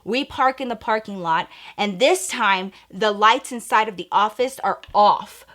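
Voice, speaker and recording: A woman's voice: mid-range voice, unhurried, fairly bright tone. A woman vlogger telling a story in a casual, profane, chatty way, talking straight to her viewers.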